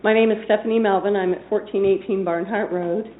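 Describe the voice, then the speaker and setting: A woman's voice: medium pitch, fairly even intonation, fairly quick, slight background noise. Woman at council comment, kinda emotional, sounds thin like a phone line. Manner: emotional, earnest. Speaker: resident speaking at public comment. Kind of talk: public comment at a council meeting. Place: city council chambers. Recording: tinny phone-like meeting feed.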